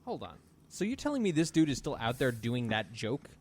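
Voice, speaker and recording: A man's voice: mid-range voice, very animated, brisk, husky. A man co-hosting a podcast in casual chat, sarcastic and incredulous, swearing freely. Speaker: podcast co-host.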